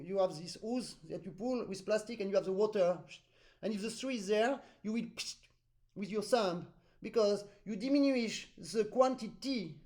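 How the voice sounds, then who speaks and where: A man's voice: high voice, darkish tone. A man with a French accent teaching accordion over a video call, patiently explaining with vivid comparisons and singing out rhythms. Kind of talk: online master class.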